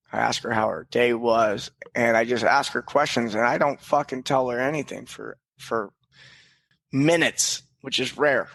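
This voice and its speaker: Podcast guest, male, gravelly mid-pitch voice, dry close sound, candid and reflective. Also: a bit bright, dry recording. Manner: earnest, reflective, casual swearing, frequent restarts. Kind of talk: candid personal storytelling.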